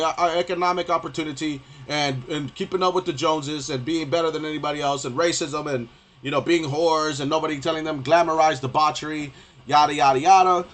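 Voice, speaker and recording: Heated, foul-mouthed man ranting on stream. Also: a little high. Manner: profane, rambling, repeats "you know what I mean"; grows loud and heated at times. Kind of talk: off-the-cuff rant while live-streaming.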